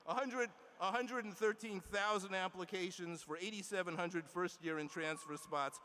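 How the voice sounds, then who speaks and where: A man delivering a formal commencement address from a podium in a large indoor arena, measured and emphatic, with small restarts and asides. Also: high-pitched, fairly even intonation, noisy background. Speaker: university leader giving commencement address. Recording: long arena reverb.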